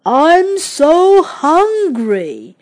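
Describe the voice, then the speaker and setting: Woman reading as a hungry, big-hearted storybook dinosaur: very slow, high and bouncy. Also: huge pitch swings, a little mellow, exaggerated voice. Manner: slow, drawn-out, emphatic words.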